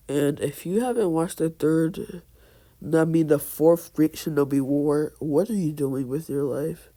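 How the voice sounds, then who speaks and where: Man narrating a fan tale, slow and mellow, hesitant and rambling. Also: fairly high pitch, fairly even intonation. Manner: rambling, hesitant, strings events with "and so then". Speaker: fan storyteller. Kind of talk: casual retelling of a fan story.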